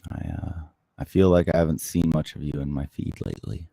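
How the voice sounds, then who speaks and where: Very deep gravelly-voiced man, soft-spoken. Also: expressive, a little fast, no echo. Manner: soft-spoken, close to the mic. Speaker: livestream host. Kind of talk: casual chat reading viewer comments. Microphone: close microphone.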